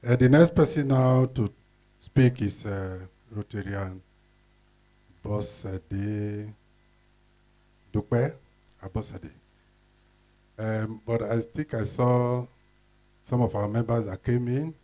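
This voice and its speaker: A Nigerian man with a low, mellow voice hosts an evening event from a microphone. He talks slowly and formally, pausing with fillers between announcements. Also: steady tone. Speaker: master of ceremonies. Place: event hall.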